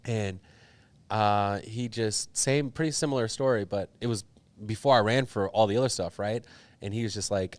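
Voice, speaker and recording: A man's voice: fairly low pitch, moderate pace, no room sound. Earnest young man telling a story. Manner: earnest, animated storytelling with many fillers. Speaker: politician guest. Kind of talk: storytelling interview.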